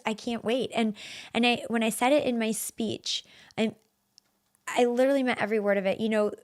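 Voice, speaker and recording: A woman's voice: medium pitch, creaky. A woman in her thirties hosting a solo podcast, talking in an earnest, emotional way with many fillers and restarts. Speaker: podcast host.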